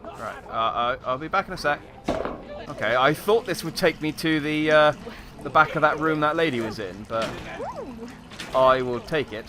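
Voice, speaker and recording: A man's voice: a little high, normal speed. Chatty man commenting on a game. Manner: chatty, wry running commentary with hesitations. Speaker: gaming YouTuber. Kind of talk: let's play commentary.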